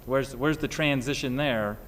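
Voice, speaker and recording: A man's voice: medium pitch, a bit bright, slight background noise. Man explaining word origins in a reverberant room. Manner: measured, lecturing from notes. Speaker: podcast host. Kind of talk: casual group chat, explaining word origins.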